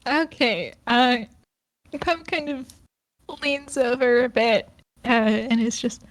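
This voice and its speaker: A woman with a high voice speaks slowly as a tabletop game player. She talks in a blunt, playful way. The sound is dry. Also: no room sound. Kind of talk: casual chat.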